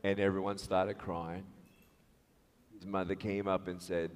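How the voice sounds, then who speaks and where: A man giving a storytelling speech to students as a motivational speaker, animated and acting out the dialogue in different voices. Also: deep voice, normal speed. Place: large school hall with an audience. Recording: echoey hall reverb.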